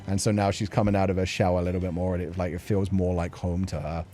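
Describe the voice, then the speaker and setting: A man's voice: low voice, flat delivery, quick pace, dark tone, faint music behind. A man hosting a casual livestream chat show, rambling with lots of filler words and laughing often as he reads viewer messages.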